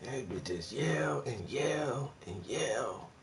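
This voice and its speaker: A man's voice: mid-range voice, lively intonation, slow pace, noisy background. A man ranting casually about his neighbors, slangy, profane and full of laughs. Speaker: vlogger, artist. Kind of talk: casual rant.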